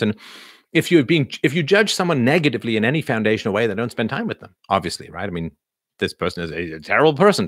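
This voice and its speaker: A man's voice: fairly low pitch, fairly bright tone, no room sound, clean studio sound. A man hosting a casual livestream, answering viewer questions while thinking aloud with many fillers.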